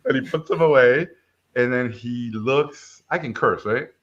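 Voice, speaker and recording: A middle-aged man from Mexico, a film director, telling a story in a lively way and acting out the people in it. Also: mid-range voice, unhurried, highs cut off. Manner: animated, acts out quoted voices. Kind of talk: casual storytelling chat.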